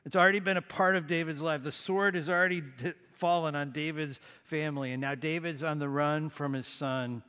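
A man preaching a sermon as a pastor, emphatic, with dramatic pauses and sudden drops to a low, quiet voice. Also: steady tone, smooth, long reverb tail.

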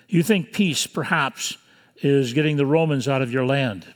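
Older man preaching in a reverberant church. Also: mid-range voice. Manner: earnest, measured preaching with pauses. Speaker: pastor. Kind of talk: sermon. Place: church sanctuary.

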